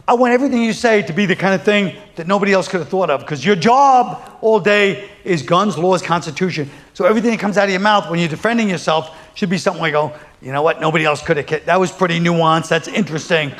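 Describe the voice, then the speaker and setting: A man doing stand-up comedy, riffing in a rambling, profane, sardonic way and acting out quotes. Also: high voice.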